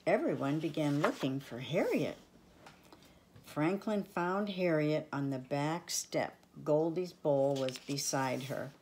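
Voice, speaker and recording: An older woman reading a children's storybook aloud, gentle and affectionate. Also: low-pitched, animated, takes it slowly, a little hiss or hum.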